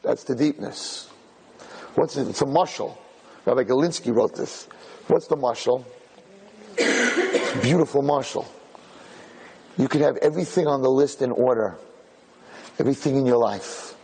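A man teaching a live audience, telling a story with animated asides and repetition. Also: mid-range voice, normal speed, pauses often, a little hiss or hum. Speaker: religious teacher. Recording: echoey hall reverb.

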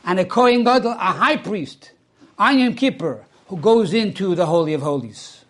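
High-voiced man telling an animated religious story. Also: moderate pace. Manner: animated, acts out quoted speech with swings in pitch; uses Hebrew and Yiddish religious terms. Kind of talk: storytelling sermon.

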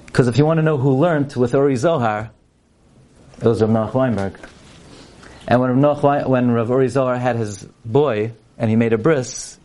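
A man's voice: medium pitch, darkish tone. A man giving a sermon-style talk with stories at a fundraising parlor meeting. He speaks emphatically and works Hebrew and Yiddish terms into his storytelling.

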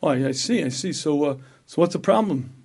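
A man voicing a puzzled psychologist who speaks in a hesitant, halting way. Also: a little high, animated, a little mellow, slightly rough, pitched below the performer's own voice.

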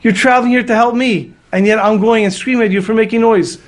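A man puts on a worn-out middle-aged father in a retold story. His voice sits high and strained. He pleads and apologizes. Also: steady tone, quick pace, lightly acted. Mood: apologetic.

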